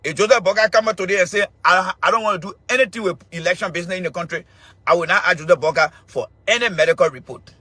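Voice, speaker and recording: A man's voice: high voice, fast talker, husky, no echo. A middle-aged man with a Liberian accent, hosting an online show with a loose, repetitive political monologue. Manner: mocking, laughing, shouting insults at a commenter.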